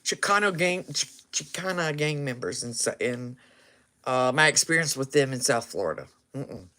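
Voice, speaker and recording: A man's voice: mid-range voice, lively intonation, moderate pace, sharp tone. A man casually telling a story, laughing often and acting out what people said.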